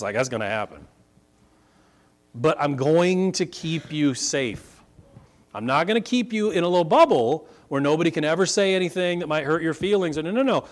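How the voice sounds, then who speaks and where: A middle-aged man preaching a sermon, swinging from quiet asides to loud, emphatic points. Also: fairly high pitch. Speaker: pastor.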